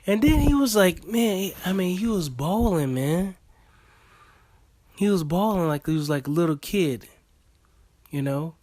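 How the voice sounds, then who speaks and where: Man, rambling casual commentary, higher voice, dry close sound. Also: expressive, moderate pace, pauses often, darkish tone, no room sound. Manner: loose, rambling, with laughs and many fillers. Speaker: vlogger.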